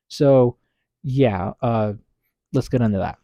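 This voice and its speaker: A male YouTube commentator talking through a story in a casual, rambling way, full of fillers and restarts. His voice is mellow and dark in tone. It is recorded dry on a close mic with no room sound. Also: mid-range voice, animated, moderate pace, pauses often, dry recording.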